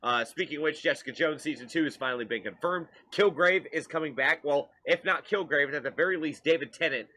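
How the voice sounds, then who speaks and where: Bright-voiced chatty male co-host. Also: on the high side, a little fast, hardly any pauses, no room sound. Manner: chatty, newsy, frequent "uh" fillers. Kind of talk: casual stream chat.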